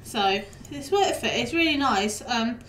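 A woman's voice: on the high side, expressive, unhurried, a bit bright, recorded from a distance, slight background noise. A young woman streaming a game live, chatting casually with her viewers, laughing easily and talking back to the game. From United Kingdom. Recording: echoey room, voice off-mic.

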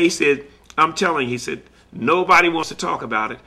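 A man, a collector, slowly retelling a story in earnest with many quoted back-and-forth exchanges. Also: on the high side, animated, creaky, sharp tone, slightly rough. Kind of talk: recorded personal storytelling.

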